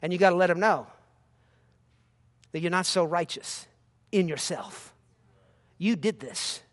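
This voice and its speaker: A man preaching a sermon with emphasis, shouting some scripture lines and dropping to quiet, mocking asides. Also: sits high, measured pace, long reverb tail.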